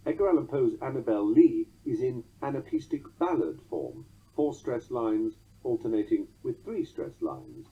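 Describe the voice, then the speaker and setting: This man narrates a poetic meter lesson in an animated mid-range voice with a breathy edge, at a moderate pace and with few pauses. His reading is rhythmic, tapping out the beats aloud like an audiobook lesson. The sound is dull and lo-fi.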